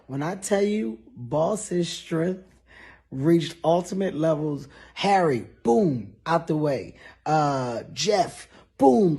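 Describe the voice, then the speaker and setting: Raspy dude cracking up a crowd with a crazy story, fast and loud, swears a lot. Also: male voice, fairly high pitch. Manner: animated, profane, shouts when acting out quotes. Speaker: comedian storyteller. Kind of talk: comedic storytelling.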